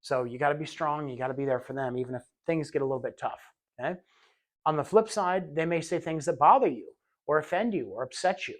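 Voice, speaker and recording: A man with a slightly high voice leads a recorded training lesson for healthcare aides. His delivery is casual and conversational, full of repeated words as he restarts sentences. He keeps slipping into short acted-out scenes to show what he means. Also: quick pace. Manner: conversational, acts out little scenes in quoted voices.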